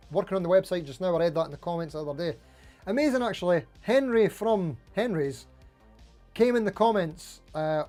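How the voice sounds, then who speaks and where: A man with a fairly high voice hosts a relaxed livestream. He reads viewers' comments aloud and chats back in a friendly, rambling way, and faint music plays softly behind him. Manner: chatty, friendly, greets viewers by name, frequent "mate" and "anywho". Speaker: livestream host. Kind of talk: casual livestream chat reading comments.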